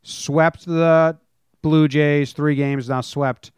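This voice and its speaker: A man's voice: a little high, steady tone, extremely slow, clear, resonant tone, no echo. Laid-back joking man, dry close sound. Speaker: podcast co-host. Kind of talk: casual sports chat.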